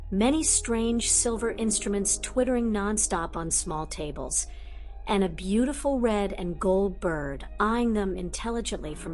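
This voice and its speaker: A woman narrates a fan audiobook in a steady, scripted reading voice. Her pitch sits in the middle of the female range. Faint music plays under her.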